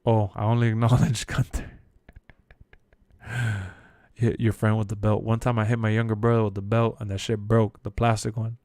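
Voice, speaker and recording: A young man chatting casually on a live stream, answering chat in loose slang and bursting into loud shouts when he quotes people. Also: fairly low pitch, normal speed, long pauses, no echo, clean studio sound. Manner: animated, jumps to shouts when quoting.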